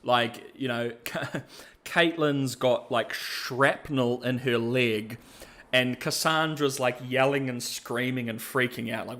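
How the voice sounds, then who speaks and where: A man's voice: mid-range voice, slow, a bit bright. A male podcast host chatting casually, rambling and self-deprecating, laughing often. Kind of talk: casual commentary.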